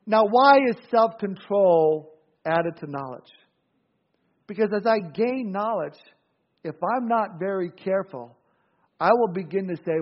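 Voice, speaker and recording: A man's voice: a little high, moderate pace. A man preaching a sermon as pastor, telling anecdotes with dry humor and often restarting words. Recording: dull lo-fi sound.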